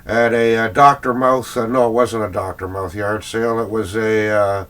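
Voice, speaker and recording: A man's voice: on the low side, little pitch movement, moderate pace, a bit bright. A middle-aged Canadian man, a record collector, chatting in a rambling casual vlog full of fillers and little chuckles.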